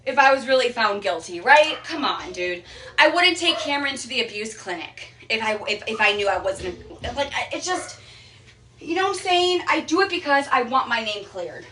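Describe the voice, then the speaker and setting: A woman's voice: on the high side, big pitch swings, normal speed, pushed and bright, a little hiss or hum. A young adult woman livestreaming from home, rambling, defensive and repetitive. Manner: rambling, repeating herself, defensive. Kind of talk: emotional livestream rant. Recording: echoey room, mic held off at a distance.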